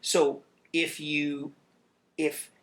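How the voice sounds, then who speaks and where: A middle-aged man, a drummer, talking in a casual interview, animated and swearing freely as he sings out rhythms. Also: fairly high pitch, extremely slow.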